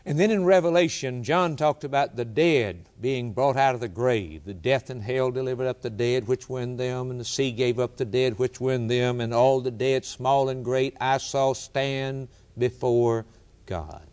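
A man's voice: normal speed, darkish tone. Emphatic male preacher quoting scripture. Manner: emphatic, rising high on scripture quotes, repeating key phrases. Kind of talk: sermon.

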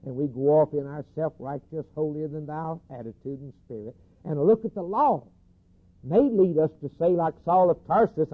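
A male preacher delivering an emphatic sermon, repeating key phrases and swinging between loud declarations and hushed lines. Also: on the high side, moderate pace. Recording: tinny lo-fi phone-like recording.

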